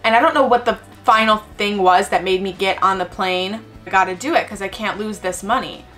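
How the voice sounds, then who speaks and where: A woman in her twenties telling a travel story in a casual, chatty way, acting out the voices of the people in it, with soft music behind her. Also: mid-range voice, a little fast. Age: 20s. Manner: chatty, animated, acts out quoted voices, frequent "like". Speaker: travel vlogger.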